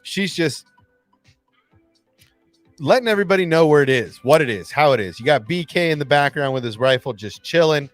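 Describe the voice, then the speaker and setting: A man hosting a fan channel, recapping an episode in casual livestream chat, excitable and acting out lines in voices. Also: on the high side, normal speed, pauses often, soft background music. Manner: excitable, acts out quotes in voices.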